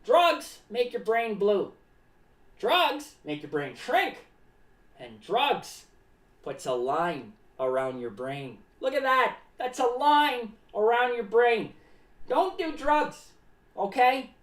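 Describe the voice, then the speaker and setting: A woman playing an excitable, rambling clown character who talks about herself in the third person and hops between topics. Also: on the high side, slow pace, far from the mic. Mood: mock-serious. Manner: rambling, jumps between topics, sudden shouts and drops. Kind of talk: improvised comic monologue. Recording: roomy echo, away from mic.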